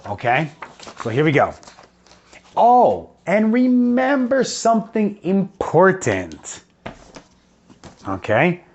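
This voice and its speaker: A man teaching English to young children, singing and speaking slowly so they can repeat, switching into to explain. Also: mid-range voice. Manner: slow, drawn-out words for children to repeat. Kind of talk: children's English lesson with songs. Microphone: video lesson recording.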